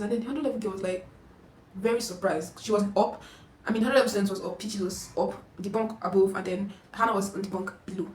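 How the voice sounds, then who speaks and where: A young woman in her twenties with a Nigerian accent, telling a story in a chatty, animated way. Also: mid-range voice, distant mic, a little hiss or hum. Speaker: vlogger. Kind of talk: casual storytime. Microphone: camera mic from a distance. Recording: echoey room, no microphone.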